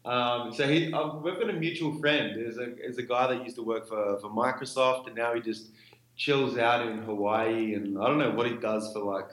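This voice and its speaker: A man's voice: medium pitch, fairly even intonation, normal speed, a bit bright. Laid-back man in an echoey room. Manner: laid-back, lots of fillers and "like". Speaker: startup co-founder. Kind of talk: casual interview storytelling.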